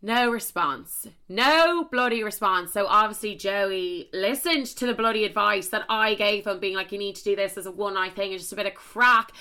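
A woman's voice: mid-range voice, fairly even intonation, normal speed, few pauses, bright, forceful tone. A young Irish woman telling a story in a casual chat to camera, swearing freely and filling her talk with "like". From Ireland. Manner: chatty, swears a lot, full of "like" fillers.

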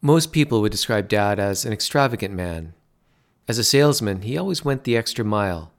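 A man narrating a story in a measured, dry way. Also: fairly low pitch, lively intonation.

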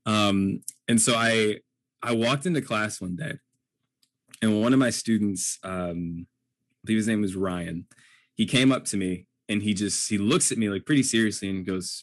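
A man in his twenties, co-hosting a podcast, telling a funny story in a casual, animated way. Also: lowish voice, normal speed, no room sound. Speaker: podcast co-host.

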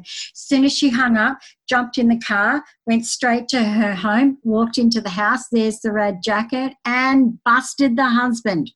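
A woman guest on a podcast tells anecdotes about reading animals. She speaks with animated energy and often repeats and restarts her words mid-sentence. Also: a little high, a little slow, low-quality recording. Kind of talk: conversational storytelling.

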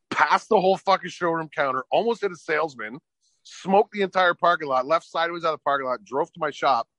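A man's voice: fairly high pitch, no echo. A middle-aged man and podcast guest telling a story casually, swearing a lot and acting out what each person said. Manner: profane, animated storyteller acting out quotes. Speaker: podcast guest, business owner.

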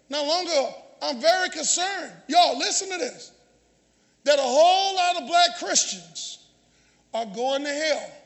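A man preaching a sermon, shouting call-and-response lines to his congregation and often repeating or restarting phrases. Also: very high-pitched. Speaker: pastor. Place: large church sanctuary. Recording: long church reverb, faint congregation.

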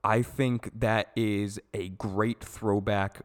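A man's voice: lowish voice, flat delivery, slow. A man co-hosting a casual film podcast, talking with enthusiasm, swearing casually and filling his sentences with "like". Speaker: podcast co-host.

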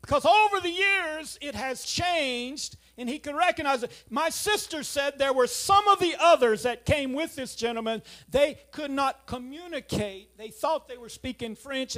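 A man preaching a sermon, telling a family story, then driving home points with loud emphasis and quiet asides. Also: very high-pitched. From South Louisiana.

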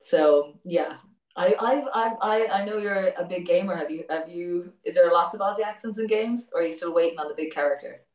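A woman's voice: fairly low pitch, brisk, a little mellow. A woman with an Irish accent, a voice actor chatting as an interview guest, talking casually, laughing easily and restarting her words. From Ireland. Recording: echoey room, distant mic.

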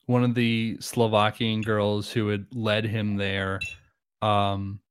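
A man's voice: on the low side, flat delivery, takes it slowly, a little hiss or hum. A man casually discussing a horror film, retelling scenes with lots of fillers.

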